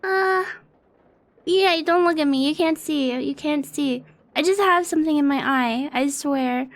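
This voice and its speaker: Young female streamer, nervous and close to tears; very high voice, slow and giggly. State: shaky and near tears. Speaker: livestreamer. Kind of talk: casual live-stream chat.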